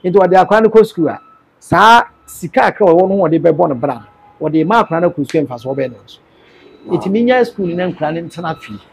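A man being interviewed, earnestly telling a personal story in a measured way. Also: a little high, animated, creaky, breathy edge.

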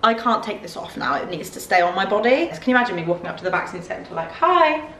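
A British woman of about twenty, gushing and excitable, chatting through a casual try-on haul vlog. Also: on the low side, fast, reverberant, slight background noise. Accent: British English. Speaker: fashion vlogger. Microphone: camera mic.

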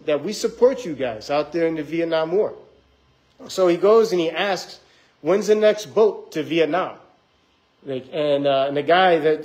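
A young man gives a sermon in a church in a relaxed, conversational way, his voice sitting a little on the high side. He reads scripture and then wanders through a story, slipping into the voices of the people in it. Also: low-quality recording. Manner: rambling, conversational, acts out quoted voices. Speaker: preacher. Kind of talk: casual sermon with scripture reading.

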